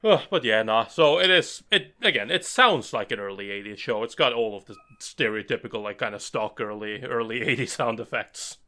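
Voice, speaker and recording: Bright-voiced man rambling on a podcast. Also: mid-range voice, lively intonation, moderate pace, few pauses. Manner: rambling, full of fillers and restarts. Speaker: podcast co-host. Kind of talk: casual chat.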